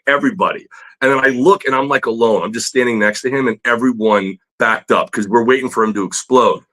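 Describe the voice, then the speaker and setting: A male comic book artist telling a long personal story as a podcast guest. His voice sits at an ordinary middle pitch. His delivery is loose and animated, full of fillers and quick laughs. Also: poor audio. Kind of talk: casual storytelling in a podcast interview.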